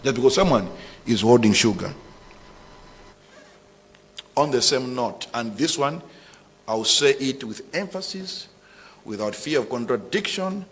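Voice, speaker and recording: A middle-aged Malawian man, a trade minister giving a defiant, emphatic press statement that mixes local words into his English. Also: mid-range voice. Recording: long hall reverb.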